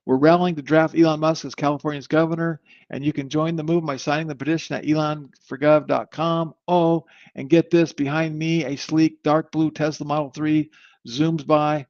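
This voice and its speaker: A man hosting a live webinar, demoing software in an upbeat, rambling sales manner. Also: a little high, little pitch movement, moderate pace, no room sound. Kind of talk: live online product demo. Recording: slightly muffled dry audio.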